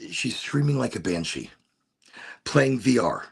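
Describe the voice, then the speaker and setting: A man's voice: medium pitch, sing-song, measured pace, vocal fry, breathy edge. A man hosting his own podcast, chatting casually from home in a rambling, laid-back way, often cutting himself off mid-sentence. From Florida. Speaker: podcast host. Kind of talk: casual solo chat. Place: home room with window cracked.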